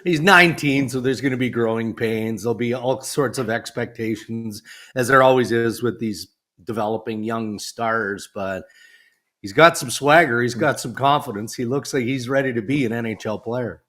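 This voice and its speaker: A man's voice: mid-range voice, moderate pace, bright, forceful tone. A man with a plain mid-range voice co-hosts a sports podcast and steers the talk from one topic to the next. His delivery is casual and easygoing, and he chuckles often. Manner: steers the conversation, chuckles easily. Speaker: podcast co-host and hockey insider.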